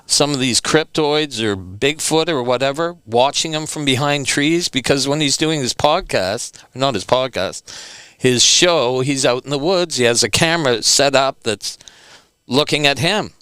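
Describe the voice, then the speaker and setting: A man, a returning guest, telling stories in an animated, emphatic way and repeating words for stress. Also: mid-range voice, unhurried, smooth, no room sound. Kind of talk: animated storytelling.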